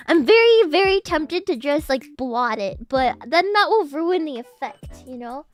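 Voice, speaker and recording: A woman streamer chatting casually with her viewers, giggly and animated, with sudden excited outbursts. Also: high voice, measured pace, few pauses, soft background music. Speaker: VTuber streamer. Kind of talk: casual livestream chat with viewers.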